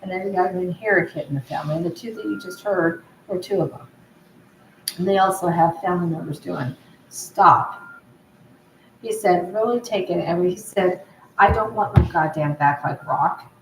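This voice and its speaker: A woman's voice: lowish voice, moderate pace. A woman in an agitated, rambling monologue, repeatedly relaying what others told her. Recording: roomy echo, faint background noise.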